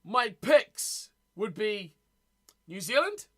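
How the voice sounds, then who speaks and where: A man's voice: high voice, big pitch swings, takes it slowly. A man hosting a casual live stream, chatting loosely and answering his viewers as he talks, often repeating words. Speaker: streamer reading live chat.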